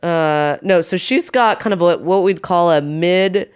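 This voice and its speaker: A woman's voice: fairly low pitch, measured pace, clean tone. A woman co-hosting a podcast in casual chat, playful and chatty, stretching words for emphasis. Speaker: podcast co-host.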